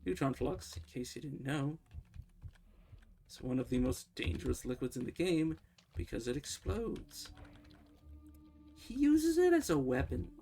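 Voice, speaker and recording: A man streaming a game, talking through his play in a loose, rambling way and often correcting himself mid-sentence. His voice has a gravelly, creaky edge, with faint music and keyboard typing behind him. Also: medium pitch, big pitch swings, measured pace, pauses often, mellow. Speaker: livestreamer playing a game. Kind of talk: casual gameplay commentary.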